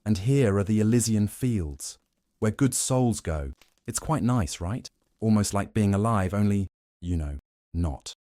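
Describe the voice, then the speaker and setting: A man's voice: fairly low pitch, expressive, unhurried, warm tone, no echo. A man voicing an awkward male god of the dead who chats like a salesman giving a home tour. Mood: eager.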